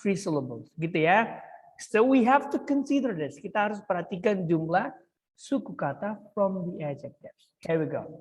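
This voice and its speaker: A woman's voice: lowish voice, lively intonation, normal speed, a little mellow, big-room sound, low-quality recording. Indonesian teacher coaxing her pupils. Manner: coaxing, repeats words for pupils. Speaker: English teacher. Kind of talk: classroom teaching, mixing English and Indonesian.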